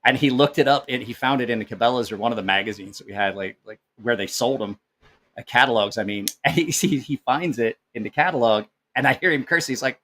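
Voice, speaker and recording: A man's voice: medium pitch, a little fast, a bit bright, a little hiss or hum. Rambling, profane man chatting live. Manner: rambling storyteller who swears freely. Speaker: knife channel host. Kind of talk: casual live-stream chat, reading comments.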